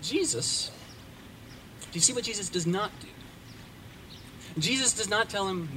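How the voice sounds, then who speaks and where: Style: sermon. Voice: man, high-pitched. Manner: dramatic storyteller with faint noise behind. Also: animated, moderate pace, long pauses. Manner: dramatic storyteller, varies pace and loudness. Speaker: pastor.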